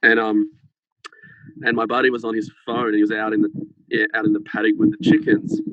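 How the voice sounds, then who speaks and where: A man's voice: on the low side, little pitch movement, fairly quick, dry recording, narrow, tinny audio. A man guest on a podcast, telling a rambling, swear-filled anecdote in casual chat over a phone held close to his head. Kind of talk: casual storytelling. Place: farmhouse.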